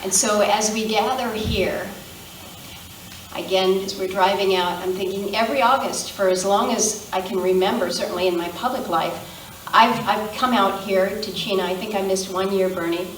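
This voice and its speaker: Woman giving a slow heartfelt tribute, far from the mic, echoey. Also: medium pitch, fairly even intonation, slight background noise. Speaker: speaker at a memorial. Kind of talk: public tribute speech. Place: outdoor gathering with a crowd. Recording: echoey, distant amateur crowd recording.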